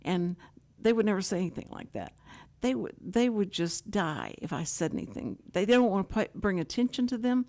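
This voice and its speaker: A woman's voice: mid-range voice, lively intonation, moderate pace, dark tone. An older woman hosting a local radio talk show, telling stories in a chatty way and acting out quoted dialogue. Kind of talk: casual chat with guests.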